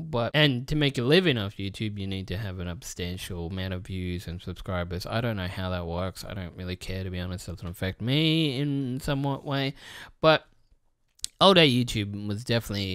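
A man talks in a loose, profane, rambling rant, often starting a sentence over before finishing it. His voice is bright and sharp-edged, with a crisp, smooth clarity. It sounds close and dry, with no room echo. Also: mid-range voice. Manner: rambling and profane, with frequent restarts; mocks others with put-on quoted voices. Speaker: gaming channel host. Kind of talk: casual rant to camera.

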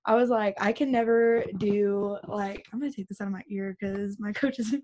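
A woman's voice: mid-range voice, steady tone, fast talker, darkish tone. A young woman on a group video call, chatting casually in a rambling way, full of "like". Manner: rambling, fillers like "like" everywhere. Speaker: team member sharing her story.

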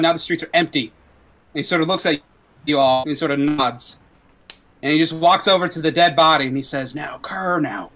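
A man running a tabletop game as dungeon master, telling the story in a relaxed way with fillers. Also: fairly high pitch, rough recording.

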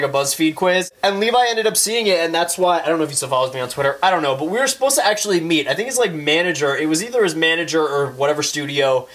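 A young man in a casual vlog, talking in an excitable, animated way and swearing often. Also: fairly high pitch. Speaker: YouTuber.

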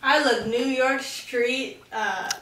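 A woman's voice: sits high, fairly even intonation, takes it slowly, roomy sound, recorded from a distance, over a noisy crowd. A young woman in her twenties vlogging at home in a playful, joking, dramatic way. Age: 20s. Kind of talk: casual chat. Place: home room.

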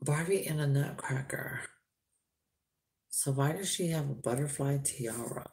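A woman with a low voice talks slowly and loosely through a doll review, drifting from thought to thought. Her tone stays casual and unpolished, and it hardens when she calls someone out. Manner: chatty, rambling, sharp when scolding.

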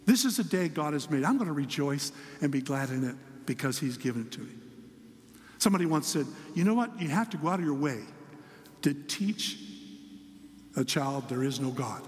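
A man's voice: on the high side, long reverb tail. An older man, a pastor, preaching a sermon and telling a story about his grandson. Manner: storytelling, acts out a child's voice in quotes. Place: church sanctuary.

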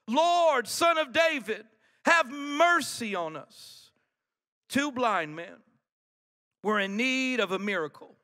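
Pastor guy preaching in a big church, high voice, long echo off the hall. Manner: builds from quiet to shouted preaching. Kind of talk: sermon.

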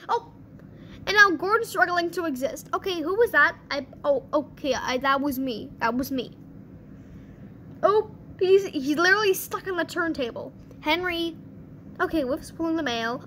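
Excitable channel host, female, very high pitch, reacting fast to gameplay. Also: slight background noise. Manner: excitable, quick reactions, bursts of laughter. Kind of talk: gameplay commentary.

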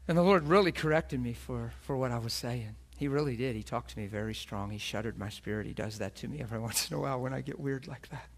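A man's voice: medium pitch, quick pace, hardly any pauses. A middle-aged man preaching a sermon as a pastor, telling a personal story earnestly and acting out the voices of the people in it.

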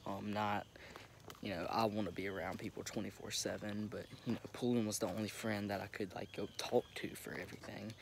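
A young man recording himself on his phone, talking haltingly with many restarts as he holds back tears. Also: fairly low pitch, level tone, gravelly. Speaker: vlogger. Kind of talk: emotional direct-to-camera update. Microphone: phone camera. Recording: phone recording with noticeable background noise.

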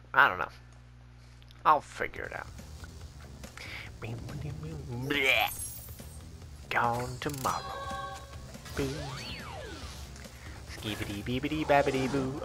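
A man with a gravelly, creaky voice chatting casually as he plays a game, mumbling asides and tossing out goofy sound effects. Game music plays clearly underneath him. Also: fairly high pitch, bright, forceful tone. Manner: playful, muttering, silly sound noises. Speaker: gaming YouTuber. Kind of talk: casual gameplay commentary.

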